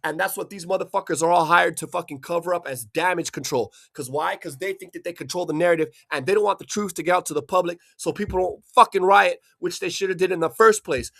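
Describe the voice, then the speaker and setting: A man from Hawaii delivering an angry, profanity-filled rant, swearing constantly and bursting into shouts. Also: high voice, fast talker, vocal fry, hardly any pauses. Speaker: vlogger.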